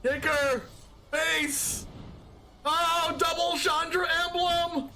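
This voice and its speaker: High-pitched excitable man streaming a game. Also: extremely slow. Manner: excitable, often shouting and laughing. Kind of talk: live card game commentary.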